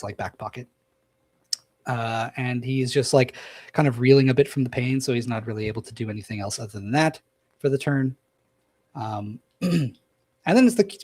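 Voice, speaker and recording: A man running a tabletop game as game master, describing scenes in a halting, descriptive way. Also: medium pitch, a little mellow, dry recording.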